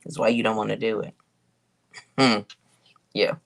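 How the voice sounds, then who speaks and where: A woman giving a casual spiritual reading to her viewers, thinking aloud with drawn-out hums and pauses and talking to them in a colloquial, direct way. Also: a bass voice, flat delivery, creaky. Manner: colloquial, addresses viewers as y'all. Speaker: intuitive reader.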